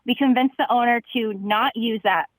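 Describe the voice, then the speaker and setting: A woman's voice: fairly high pitch, moderate pace, dry recording, poor audio. Chipper young woman caller. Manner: chipper, laughs through a grim story. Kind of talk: phone-in storytelling.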